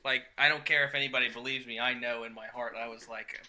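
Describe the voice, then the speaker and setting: A man's voice: mid-range voice, steady tone, fast, crowd noise. A man on a casual sports podcast, joining in with dry, teasing wisecracks.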